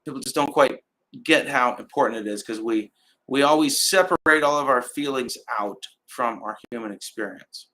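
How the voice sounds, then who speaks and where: A man's voice: medium pitch, moderate pace, pushed and bright, rough recording. A young man, hosting a casual live stream and rambling loosely with fillers and trailing laughs. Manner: many fillers and restarts.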